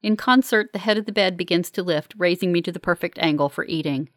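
A woman narrating a first-person novel as an audiobook, in a wry, measured manner. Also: lowish voice, dry recording, studio quality.

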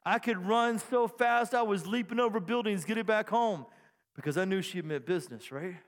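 Man, pastor, animated sermon, high voice, shouted bursts, long church-hall reverb. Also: moderate pace. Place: church sanctuary.

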